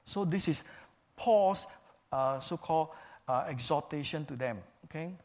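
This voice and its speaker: A man preaching a sermon in a measured, emphatic way, repeating key phrases for stress. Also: on the high side, darkish tone.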